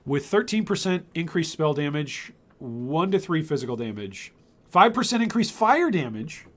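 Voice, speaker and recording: An older man from Michigan streams a game live and chats with viewers as he plays. His pitch swings widely through the talk. His bursts of excitement break up an easy, chatty delivery. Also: moderate pace. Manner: chatty, reads chat aloud, bursts of excitement. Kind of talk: live gameplay commentary.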